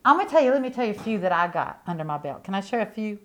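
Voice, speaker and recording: A woman's voice: mid-range voice, sing-song, racing. A middle-aged woman preaching a sermon with fervent, emphatic delivery, piling up rhetorical questions and repeated phrases as she testifies.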